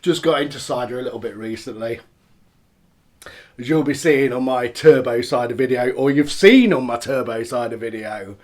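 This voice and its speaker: A man's voice: medium pitch, normal speed. A man casually reviewing beers and cider on camera, chatty and rambling as he tastes each one. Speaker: beer reviewer.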